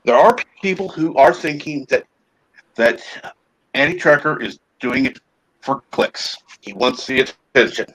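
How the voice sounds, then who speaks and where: A man hosting a casual podcast chat, talking in a halting way with many fillers and restarts. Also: mid-range voice, lively intonation, fairly bright tone, no echo, poor audio. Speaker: podcast host.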